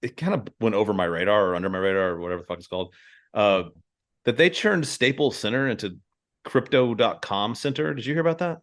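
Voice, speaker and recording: A man's voice: on the low side, fast talker, a bit bright. A man hosting a podcast in casual chat, profane, rambling and laughing often. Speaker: podcast host.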